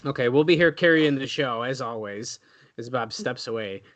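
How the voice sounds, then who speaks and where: A man's voice: mid-range voice, normal speed, fairly bright tone. A man co-hosting a podcast in casual, jokey, irreverent banter. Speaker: podcast co-host. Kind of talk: casual chat.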